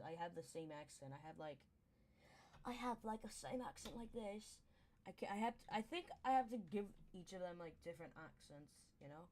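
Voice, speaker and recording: A woman with a fairly low voice reads a book aloud in a loose, casual way. She trips over longer words, restarts, and drifts into chatty asides between passages. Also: a little mellow. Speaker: book reader and streamer. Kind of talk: casual read-aloud with commentary.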